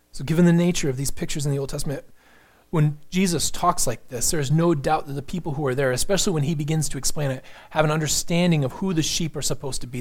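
Earnest man preaching a sermon. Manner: earnest preaching, rises in pitch and force for emphasis, drops to a near whisper. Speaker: pastor.

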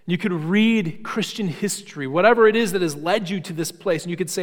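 A male preacher delivers a sermon in a slightly high voice. He speaks emphatically, stacking repeated phrases to drive his points home. His voice rings out with a long reverb, as if in a large church hall. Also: a little fast, hardly any pauses.

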